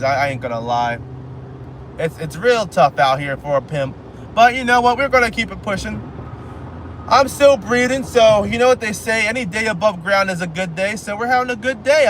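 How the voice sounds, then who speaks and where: A man's voice: a little high, fairly bright tone. Rambling man streaming from his car. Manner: rambling, self-joking, repeats phrases. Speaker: live streamer. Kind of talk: casual live stream chat while driving. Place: inside a car on a highway. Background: faint road and car noise.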